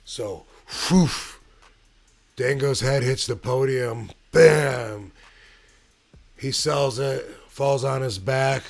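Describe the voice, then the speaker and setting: A man casually telling a personal story as host of his own channel, in a laid-back way with pauses and fillers. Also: medium pitch, fairly even intonation, creaky.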